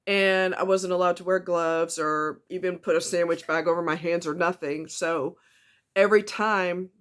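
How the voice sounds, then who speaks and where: Emotional woman vlogger, halting and blunt. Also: lowish voice, steady tone, fairly bright tone. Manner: halting, frequent ums and restarts, blunt swearing. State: emotional, tight throat. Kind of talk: personal confessional vlog.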